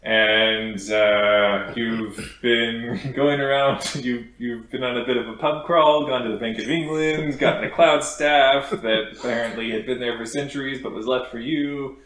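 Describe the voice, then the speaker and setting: A man's voice: mid-range voice, steady tone, a little slow, hardly any pauses, fairly bright tone. A man hosting and game-mastering a tabletop roleplaying show, recapping the story with lots of fillers and restarts. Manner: meandering, with many fillers and restarts. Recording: echoey room, faint hiss.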